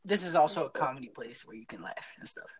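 A man's voice: medium pitch, expressive, fast, slight background noise, rough recording. A young man from Pennsylvania co-hosting a casual podcast, teasing and joking. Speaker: podcast co-host. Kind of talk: casual chat.

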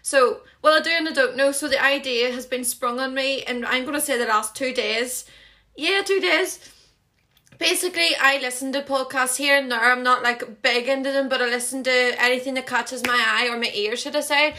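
Young Northern Irish woman hosting her own podcast. Bright, chatty, talks fast and loud with self-conscious asides. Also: high voice. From Northern Ireland. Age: 20s. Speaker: podcast host. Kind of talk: casual solo chat.

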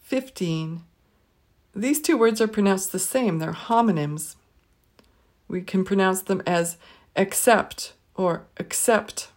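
A woman leading a pronunciation lesson, saying each word twice slowly and carefully. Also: medium pitch. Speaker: pronunciation teacher. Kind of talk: slow pronunciation drill.

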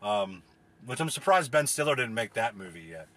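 A man's voice: mid-range voice, very animated, moderate pace, fairly bright tone. A man from the US delivering a profane, rambling, exasperated comedic rant as a solo podcast host.

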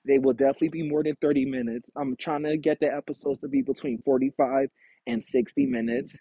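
A man hosting his own podcast, giving listeners updates in a casual, unhurried, rambling way with many fillers. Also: mid-range voice, fairly even intonation, dark tone, breathy edge, no echo, muffled recording. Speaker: podcast host. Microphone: phone or small home setup.

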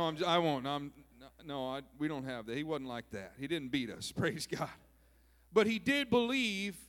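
Male pastor from Minnesota with a resonant, fairly high voice, delivers a joking, homey sermon. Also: fairly bright tone, clear, resonant tone. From southern Minnesota, US. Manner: folksy and joking, peppers speech with "praise God" and "amen".

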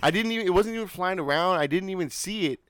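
A man's voice: high-pitched, fast, fairly bright tone, a little hiss or hum. A young man co-hosting a podcast, telling a story in casual chat and acting out the screams and quotes. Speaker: podcast co-host.

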